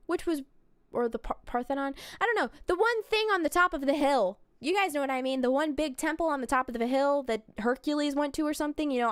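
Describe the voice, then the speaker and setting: A woman's voice: high voice, no echo. A young woman streamer telling a rambling travel story in a casual, chatty way, laughing and swearing. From United States.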